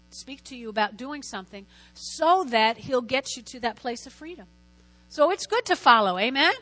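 A woman preaching a sermon in a lively way, calling out to her listeners and asking them to answer back. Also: high-pitched. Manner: lively, lots of call-and-response. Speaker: Christian teacher preaching.

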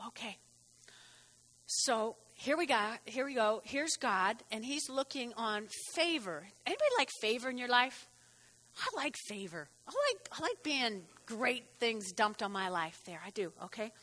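A woman preacher giving a folksy, animated sermon, often repeating her phrases. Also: on the high side, slow, in a large hall.

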